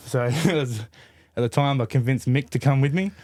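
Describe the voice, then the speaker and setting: An Australian man in his forties spins a long anecdote as a podcast guest, loose and easygoing. His voice is neither high nor low, and it is heavy on fillers and the odd swear word. The recording is dry and close, with no room sound. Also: moderate pace, a little mellow, no room sound. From Adelaide, Australia. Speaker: podcast guest, BMX rider. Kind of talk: casual storytelling.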